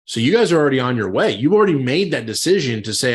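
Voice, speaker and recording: A man, a chef and business coach, giving a motivational talk to other chefs, retelling conversations in lively storytelling. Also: medium pitch, quick pace, few pauses. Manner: storytelling, animated retelling of dialogue; many fillers and restarts.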